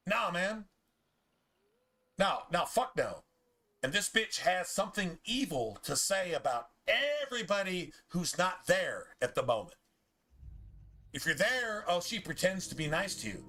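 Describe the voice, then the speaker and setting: A male streamer talks over his gameplay in a heated, profane rant. His voice sits a little high for a man and sounds sharp and tense. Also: very animated, a little slow, pauses often. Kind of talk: ranting chat over gameplay.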